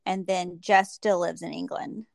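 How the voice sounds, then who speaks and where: A woman's voice: on the low side, little pitch movement, measured pace, vocal fry, no room sound. Chatty woman podcast co-host, dry sound. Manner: chatty, laughs often, eating popcorn. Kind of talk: casual chat.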